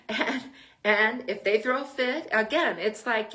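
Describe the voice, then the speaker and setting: A woman's voice: on the high side, expressive, measured pace, fairly bright tone. An older woman hosting a podcast, giving parenting advice in a casual, chatty way with frequent laughs. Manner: chatty, laughs often between points.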